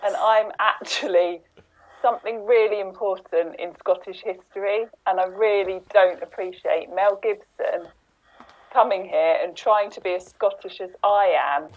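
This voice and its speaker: A woman's voice: medium pitch, fairly even intonation, measured pace, muffled recording, close to an everyday voice. A woman playing a boastful, indignant male Scottish warrior in an online improv game, ranting cockily. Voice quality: cocky, indignant rant.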